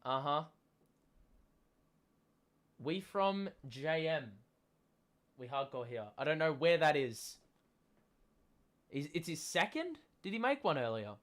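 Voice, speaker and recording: Young male streamer, slightly higher pitch, chatty and self-deprecating, erupts on big plays. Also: takes it slowly, pauses often. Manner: excitable, gets loud calling big plays. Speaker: streamer hosting a basketball watchalong. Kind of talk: live casual commentary, reading chat.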